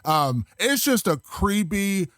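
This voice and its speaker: A man's voice: sits high, sing-song, slow, fairly bright tone, no echo, clean studio sound. A man chatting casually as a podcast guest, enthusiastic and rambling, with many fillers. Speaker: guest film critic.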